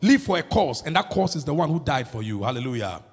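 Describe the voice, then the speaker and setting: A man preaching a sermon as pastor, swinging between loud shouts and low murmurs. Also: very animated, fast, slightly rough. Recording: long hall reverb.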